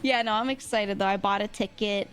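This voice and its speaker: A woman's voice: medium pitch, fairly even intonation, brisk, a bit bright, smooth, faint music behind. A woman streamer in casual chat, giggly and full of fillers, her voice strained and irritated. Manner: chatty, giggly, lots of fillers.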